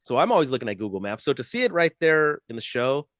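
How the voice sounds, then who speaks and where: A man co-hosting a podcast, excitable and often repeating words as he talks. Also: mid-range voice, quick pace, no echo, studio quality. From Los Angeles area. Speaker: podcast co-host. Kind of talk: casual podcast chat.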